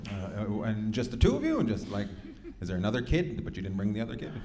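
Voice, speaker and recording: A man's voice: fairly low pitch, wildly swooping pitch, fast talker. A man doing profane, teasing stand-up crowd work with the audience in a comedy club. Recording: echoey club, loud crowd noise.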